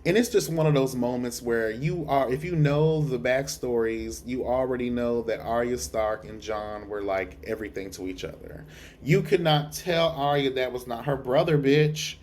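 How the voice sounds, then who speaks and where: A man's voice: mid-range voice, normal speed, a little mellow, slight background noise. Sassy, tired male TV reviewer. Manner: sassy, profane, gossipy. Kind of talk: casual review vlog. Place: dark room at home.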